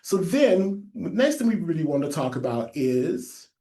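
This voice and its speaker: A man with a lisp presents a training webinar in a mellow, warm tone. He leans on key phrases and says them twice so listeners can note them down. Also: fairly high pitch, very animated, measured pace. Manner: emphatic, repeats key phrases for note-takers. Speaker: public health trainer.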